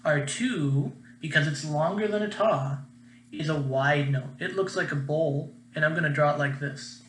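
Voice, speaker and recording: A man's voice: on the high side, moderate pace, fairly bright tone, roomy sound, slight background noise, rough recording. A young man, a music teacher, giving a patient, encouraging recorded class lesson.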